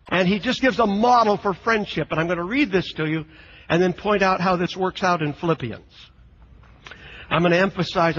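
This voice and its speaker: A man gives an off-the-cuff classroom lecture on the Bible, his voice sitting high for a man. He stumbles and repeats words while gathering his thoughts. The sound is muffled and carries a long hall echo. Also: fairly bright tone. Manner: halting, repeats words, reads quotes with emphasis. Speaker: lecturer on the New Testament.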